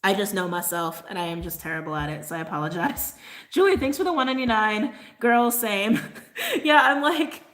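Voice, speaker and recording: A woman's voice: medium pitch, a little fast. A woman hosting a casual livestream, talking loosely and at length. She rants with a constant "like", breaks into laughs and keeps apologizing to her viewers. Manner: rambling, ranting, heavy use of "like", laughs often; apologetic asides. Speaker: tarot channel host.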